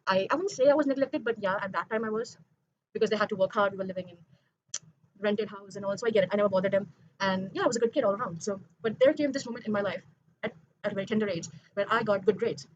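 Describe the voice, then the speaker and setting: A woman's voice: mid-range voice, quick pace, highs cut off, a little hiss or hum. A young woman in a late-night confessional vlog monologue, rambling, correcting herself and earnest. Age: young adult. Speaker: vlogger.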